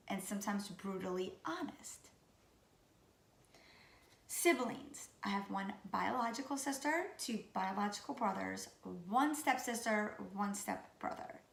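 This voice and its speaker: A woman in her late thirties from Louisiana, with a Louisiana accent, who sounds raspy and sick, chatting casually and goofily to camera about herself. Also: medium pitch, animated, slow pace, pauses often, a bit bright, echoey room. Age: 30s. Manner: goofy, chatty. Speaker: vlogger. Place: room at home.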